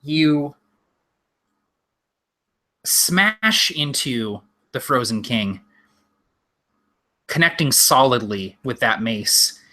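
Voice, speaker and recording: Bright-voiced male game master. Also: medium pitch, extremely slow, pauses often. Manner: lively, vivid descriptive narration. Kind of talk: narrating a tabletop game.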